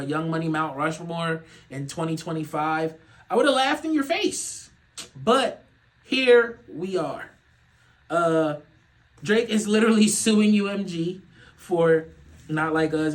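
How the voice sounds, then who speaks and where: Animated, laughing young man ranting. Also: poor audio. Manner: animated and profane, laughing often, swinging from loud outbursts to low mutters. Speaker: podcast host. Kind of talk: casual comedic rant.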